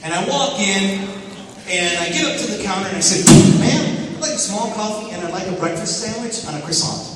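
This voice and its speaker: A man telling animated stories to a school audience, acting out voices and shouting now and then. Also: high voice, brisk, very noisy. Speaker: school assembly speaker. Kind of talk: motivational storytelling to students. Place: school auditorium. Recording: echoey hall, recorded from far off.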